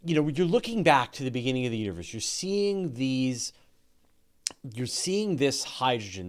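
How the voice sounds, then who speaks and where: Chatty Canadian man hosting an interview. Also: mid-range voice. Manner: chatty, self-deprecating, repeats words. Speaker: interviewer host. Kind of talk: interview conversation.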